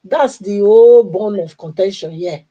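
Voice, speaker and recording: A woman, a guest on a livestream, speaking in a measured, earnest way. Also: medium pitch, mellow, muffled recording.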